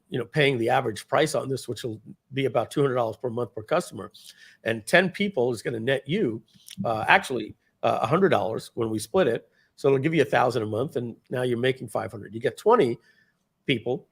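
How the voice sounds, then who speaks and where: Rambling middle-aged man pitching software. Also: gravelly, husky. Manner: rambling, many fillers and restarts; animated, acts out quoted dialogue. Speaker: host presenting software. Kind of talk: casual live-stream sales talk.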